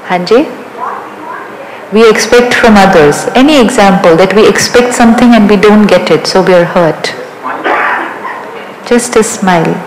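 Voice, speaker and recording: A woman's voice: medium pitch, measured pace, long pauses, a little hiss or hum. A woman with an Indian accent giving a spiritual talk to a live audience, asking them questions and acting out little dialogues. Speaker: spiritual teacher. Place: large hall with an audience. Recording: roomy hall echo.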